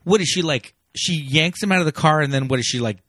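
An animated man co-hosting a film podcast in a dry, close-sounding recording. He sounds upbeat and laughs often, with plenty of "like"s between his points. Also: a little high, fast talker, no room sound. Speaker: podcast co-host. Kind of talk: casual film discussion podcast.

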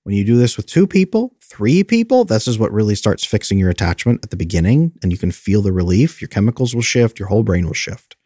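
A man's voice: lowish voice, sing-song, quick pace, few pauses, dark tone, dry recording, clean studio sound. A man who is an attachment specialist, explaining in an earnest, coaching way and briefly mimicking anxious inner voices.

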